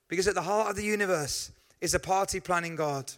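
Male pastor, sermon, high voice, bright tone, animated storytelling. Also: quick pace, few pauses. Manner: lively storytelling with asides to the congregation.

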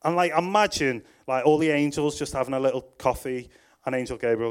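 Preaching with a clear, resonant voice of fairly high pitch, a young man reads scripture at normal speed and narrates the story energetically, performing quoted voices and dropping in jokes along the way.

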